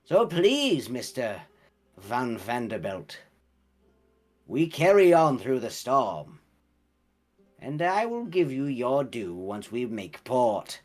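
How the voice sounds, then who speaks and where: A man's voice: medium pitch, big pitch swings, slow pace, long pauses. A man voicing a grim hooded little traveler. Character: small hooded cloaked male traveler, grim and stubborn.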